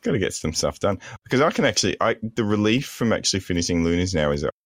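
Man, deep lively voice, casual podcast chat, stop-start, giggly, dry room. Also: dry recording. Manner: halting, restarts, giggly. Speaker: podcast co-host. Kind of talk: casual banter.

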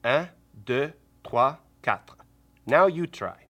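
Man doing a jolly pink pig, friendly, inviting, bouncy pitch, storybook voice. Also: expressive, takes it slowly, dull audio. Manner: cheerful, inviting children to join in.

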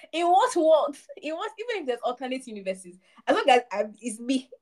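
A woman's voice: high-pitched, big pitch swings, normal speed, a little mellow. A young woman co-hosting a casual podcast chat, emphatic and rambling, with frequent laughs. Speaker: podcast co-host.

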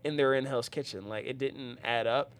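A man's voice: medium pitch, steady tone, normal speed. A man hosting a podcast in casual chat, rambling with many fillers and restarts. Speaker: podcast host.

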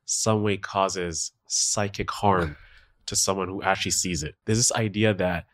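A man co-hosting a podcast, chatting casually and acting out what other people say in exaggerated voices. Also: a little slow. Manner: animated, acts out quotes in high voices. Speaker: podcast co-host. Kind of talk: casual chat.

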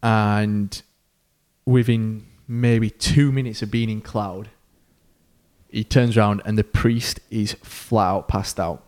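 A man hosting a podcast, telling a story in a casual, animated way that builds suspense. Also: on the low side, slow. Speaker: podcast host.

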